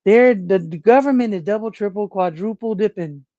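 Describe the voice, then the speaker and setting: A woman's voice: medium pitch, moderate pace, mellow, no echo. Chatty woman livestream host, rambles and laughs a lot and talks to chat; dry, dull home recording. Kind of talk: casual livestream commentary.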